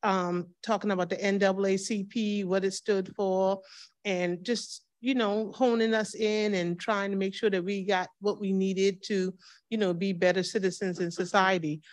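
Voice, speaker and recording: Woman, fifties, church member, storytelling testimony, acts out voices, middle pitch. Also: little pitch movement, normal speed. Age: 50s. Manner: warm storytelling, acts out dialogue with laughs. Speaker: church member sharing memories. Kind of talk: personal testimony at a reading circle.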